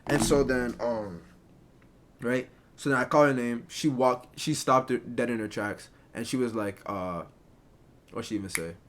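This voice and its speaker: A young man recounts a story to his viewers in a loose, rambling way. His voice sits at an ordinary middle pitch, and he keeps tossing in "like" and "right?" as he goes. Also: a little slow, slight background noise. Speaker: storyteller streamer. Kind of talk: casual storytelling to a live chat.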